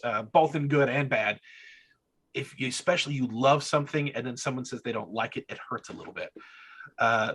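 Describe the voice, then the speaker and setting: A man's voice: mid-range voice, a bit bright, slightly rough. A man co-hosting a podcast, telling a story in a casual, hesitant way. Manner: storytelling, hesitant with many restarts. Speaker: podcast co-host. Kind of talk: casual chat.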